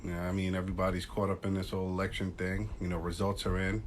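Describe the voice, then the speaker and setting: Laid-back dude with a lowish voice hosting a phone live, slangy, calling out viewers, faint hiss behind. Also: male voice, level tone, fast. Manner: slangy, shouting out viewers as they join. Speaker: podcast host. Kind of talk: casual livestream chat. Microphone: phone live stream.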